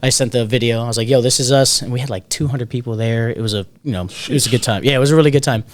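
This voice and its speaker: A man's voice: mid-range voice, rapid-fire. A man co-hosting a podcast, telling a party story in casual, rambling chat and swearing freely. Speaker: podcast co-host.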